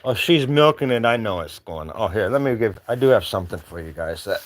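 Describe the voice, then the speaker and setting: A man's voice: low-pitched, expressive, fast talker. A man vlogging casually from his cabin with a rambling, wry manner and an Upper Midwest American accent. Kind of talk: casual chat. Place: remote cabin.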